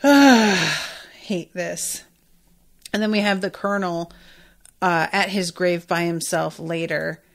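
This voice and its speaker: A woman's voice: fairly low pitch, fairly even intonation, normal speed, fairly bright tone. A woman hosting a podcast, recapping an episode in casual chat with emphatic, exclamatory reactions and frequent swearing. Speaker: podcast host.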